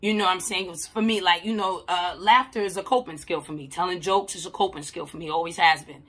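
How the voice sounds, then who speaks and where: A woman who works in mental health, telling a personal story to camera in a blunt, emphatic way, repeating herself and swearing casually, swinging between loud and soft. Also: on the low side, fairly even intonation, fast.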